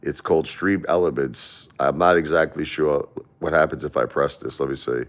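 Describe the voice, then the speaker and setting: A middle-aged man with a thick Brooklyn accent hosts a casual livestream. His voice sits very low. He rambles and repeats himself as he lectures his chat directly. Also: steady tone, moderate pace. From Brooklyn, New York. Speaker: livestream host.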